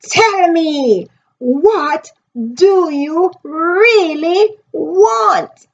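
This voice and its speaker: A gentle male helper spirit, as a woman reads him aloud asks his questions slowly, stretching each word out. The voice sits high. The recording is a little muffled and lo-fi. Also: lively intonation, vocal fry, heavily acted. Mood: probing.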